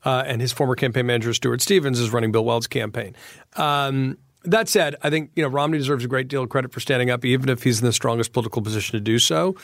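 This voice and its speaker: A man co-hosts a political podcast, tossing in teasing remarks and short comments. His voice sits at a middle pitch, and it is recorded dry and close. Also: fairly even intonation, quick pace, fairly bright tone, no echo. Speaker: political co-host. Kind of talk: casual political podcast chat.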